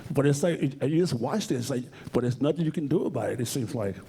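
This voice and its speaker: A man's voice: medium pitch, animated, fast, warm tone, breathy edge. A man being interviewed on stage at a library event, speaking bluntly and emphatically and swearing freely. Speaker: interview guest.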